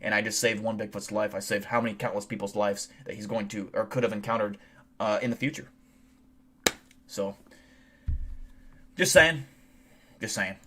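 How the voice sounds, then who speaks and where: A man's voice: lowish voice, little pitch movement, brisk, a bit bright, a little hiss or hum. A young man streaming live, chatting casually and telling a rambling, profane, boastful story.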